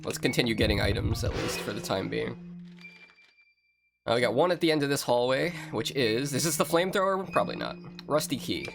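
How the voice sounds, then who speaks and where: Male let's-player, animated and jokey, talks to viewers, game music bed. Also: medium pitch, fairly quick, creaky. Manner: animated, joking, talks to chat. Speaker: game streamer. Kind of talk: let's-play commentary.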